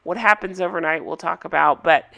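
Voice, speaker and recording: Hoarse woman with a gravelly low voice. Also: a little fast, a bit bright. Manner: chatty, opinionated, asks viewers for comments. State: hoarse from a cold. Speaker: reality TV recapper. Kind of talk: casual video recap.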